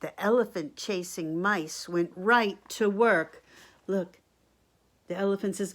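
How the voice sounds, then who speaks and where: Woman teacher, slow read-aloud storytime voice, expressive, asks kids questions. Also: medium pitch. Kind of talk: picture-book read-aloud for children.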